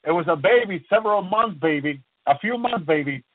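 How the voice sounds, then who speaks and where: A high-pitched man preaches with fervent testimony, stopping again and again for bursts of praise and stumbling over his own restarts. The sound is thin and phone-like, as on a radio broadcast, and very dry with no room around it. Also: animated, brisk, no echo. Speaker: minister. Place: lives in the United States.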